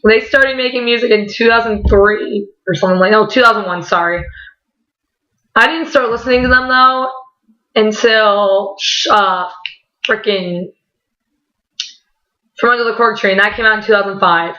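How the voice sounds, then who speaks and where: A young woman telling a story in a casual, rambling way, excited, swearing often and saying "like" a lot. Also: mid-range voice, normal speed, long pauses, highs cut off. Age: young adult. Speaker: vlogger.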